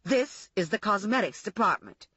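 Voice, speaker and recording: A woman reading as a catty, indignant rival, shrill and insulting, her pitch swinging widely. The sound is a touch husky and dull. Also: sing-song, moderate pace, a bit bright, no echo.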